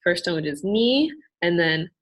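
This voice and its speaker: Young woman student presenter, lowish voice, careful and explanatory. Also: moderate pace. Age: young adult. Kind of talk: casual educational explanation.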